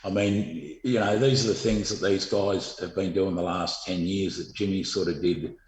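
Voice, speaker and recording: A middle-aged Australian man, a former footballer, telling stories in a rambling, halting way full of fillers and restarts. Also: sits low, fairly even intonation, reverberant, rough recording. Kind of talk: casual storytelling interview.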